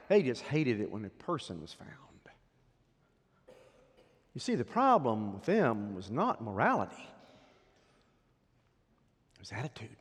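A man preaching a sermon as a pastor, swinging from loud emphatic peaks down to hushed, quiet drops. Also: mid-range voice, wildly swooping pitch, measured pace, pauses often, breathy edge. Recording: long hall reverb.

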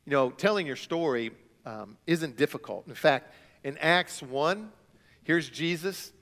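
A man preaching a sermon as a student pastor, telling stories with big swings between quiet and loud. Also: a little high, lively intonation, measured pace. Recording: long hall reverb.

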